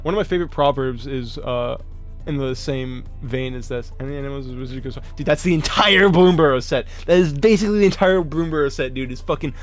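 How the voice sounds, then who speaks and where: A man's voice: mid-range voice, fairly quick, soft background music. A man streaming casually, reading card text aloud and reacting to chat with profanity and frequent laughs.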